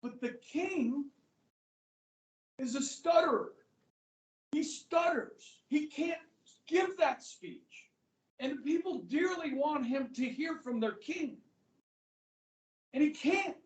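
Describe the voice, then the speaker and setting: A man teaching a history class, talking in a chatty, animated way and checking in with the students again and again. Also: extremely high pitch, slow pace, pauses often. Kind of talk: classroom lecture. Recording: echoey classroom, mic far off.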